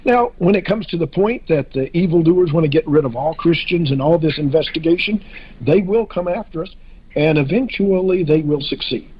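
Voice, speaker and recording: A man with a somewhat high, husky voice talks through a casual podcast discussion. He hesitates a lot, with fillers and restarts. The audio is muffled and lo-fi. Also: moderate pace.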